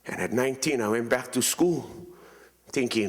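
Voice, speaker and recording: A man's voice: fairly low pitch, fairly quick. A man in his thirties with a Hawaiian Pidgin accent, giving a keynote speech and telling stories about himself in a joking way. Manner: joking, storytelling, lively. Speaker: keynote speaker. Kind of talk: storytelling speech. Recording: reverberant hall.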